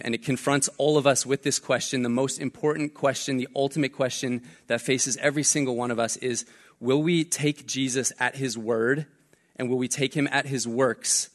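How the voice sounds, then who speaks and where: A young man preaching a casual sermon as pastor, telling a story in a relaxed way with fillers and jokes. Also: mid-range voice, fairly quick.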